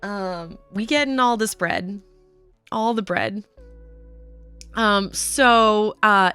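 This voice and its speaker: A woman hosting a live knitting stream, chatting casually with her viewers in an excitable way. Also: medium pitch, takes it slowly, pauses often, smooth, no room sound, soft background music. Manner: chatty, excitable, says "um" and "y'all" often.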